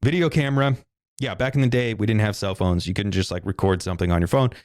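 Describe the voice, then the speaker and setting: A man's voice: fairly low pitch, fast talker, a little mellow, dry recording, studio quality. A middle-aged man hosting a podcast alone, talking in a casual, rambling, profane way. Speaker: podcast host. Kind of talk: rambling solo monologue.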